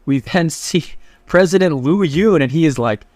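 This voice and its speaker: Slightly high and a little mellow, his voice moves at normal speed with no room sound. As a manhwa recap narrator, he casually runs through a comic's plot in slangy, easygoing talk and reads the characters' lines himself.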